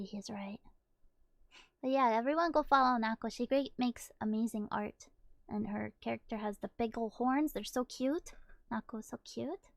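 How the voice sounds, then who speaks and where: A young woman streaming a game, chatting casually, giggling often and reading lines aloud with excitement. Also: a little high, gravelly, a little hiss or hum. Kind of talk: casual live-stream chat.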